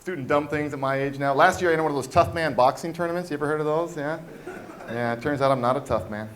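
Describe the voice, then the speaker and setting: A man doing a stand-up comedy set on a club stage, talking animatedly and jumping into loud character voices. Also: a little high, quick pace. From Washington State, US. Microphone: handheld stage mic.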